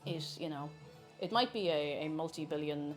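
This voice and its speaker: A woman's voice: sits low, moderate pace, faint music behind. An Irish woman live-streaming from her kitchen while baking, chatting casually, reading viewers' messages aloud and laughing often.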